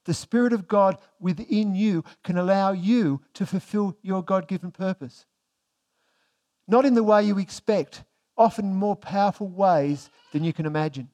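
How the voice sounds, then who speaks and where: High-voiced man preaching a sermon. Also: normal speed. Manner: asks the congregation rhetorical questions; swings between emphatic and hushed delivery. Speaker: pastor.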